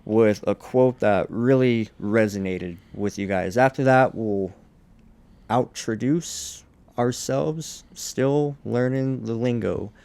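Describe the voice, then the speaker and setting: A man's voice: mid-range voice, slow, creaky, darkish tone, no echo. Upbeat male podcast host, dry sound. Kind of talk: casual chat.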